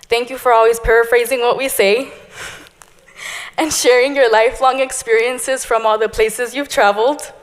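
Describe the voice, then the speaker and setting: A woman's voice: on the high side, steady tone, normal speed. A young woman in her twenties, a graduating police cadet giving an earnest, heartfelt thank-you speech. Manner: earnest, heartfelt, tearful near the end. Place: large hall. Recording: reverberant hall.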